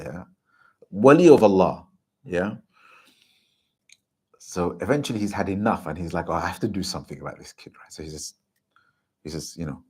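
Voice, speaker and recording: Husky man giving an impassioned religious talk. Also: low voice. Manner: earnest, keeps asking "do you understand?". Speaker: Islamic teacher giving a talk.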